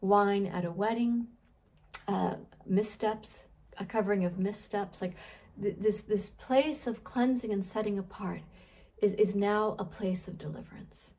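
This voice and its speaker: A woman teaches scripture in a relaxed, conversational way. She thinks aloud, often restarts and repeats words, and keeps putting questions to her listeners. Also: medium pitch, measured pace. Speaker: Bible teacher. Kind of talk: casual Bible teaching.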